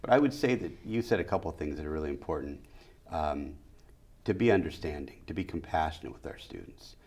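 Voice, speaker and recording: Low-voiced emphatic man, interview guest. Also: animated, a little fast, a little mellow, slightly rough. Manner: emphatic, repeats key phrases in lists. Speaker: school district superintendent. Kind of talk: interview answers.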